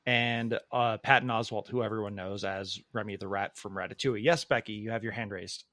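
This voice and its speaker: A man co-hosting a podcast in casual chat, enthusiastic with many halting restarts. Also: lowish voice, steady tone, sharp tone, no room sound, clean studio sound. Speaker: podcast co-host.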